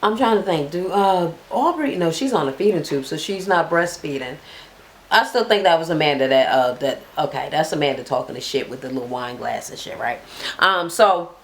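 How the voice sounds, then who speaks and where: A woman's voice: deep voice, animated, normal speed. A woman casually recapping a reality TV episode, swearing heavily and talking in slang, acting out people she quotes in a raised voice. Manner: heavy swearing, slangy, drawling.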